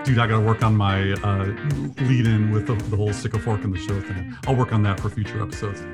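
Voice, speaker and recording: A man's voice: fairly low pitch, steady tone, fast talker, hardly any pauses, over loud music. A man co-hosting a podcast, chatting casually with a wry, joking manner. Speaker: podcast co-host. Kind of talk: casual chat.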